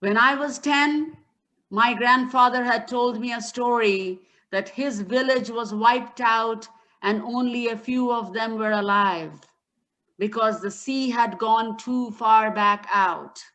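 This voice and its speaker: A woman's voice: a little high, slow, fairly bright tone, poor audio. A woman voicing an old grandfather in a spoken story, commanding and urgent. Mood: solemn.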